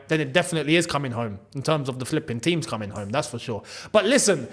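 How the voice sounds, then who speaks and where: A young man hosting a football channel, ranting in an animated way and hammering points home by repeating them. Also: on the high side.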